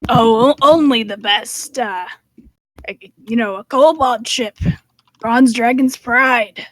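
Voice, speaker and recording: A woman's voice: on the high side, slow, no room sound, rough recording. A woman voicing a cagey female traveler just off a ship, answering hesitantly and evasively with stammers.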